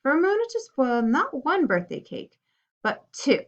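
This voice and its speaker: A woman reading a children's story aloud in an expressive, animated way. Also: high-pitched, normal speed. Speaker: reader. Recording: dull lo-fi recording.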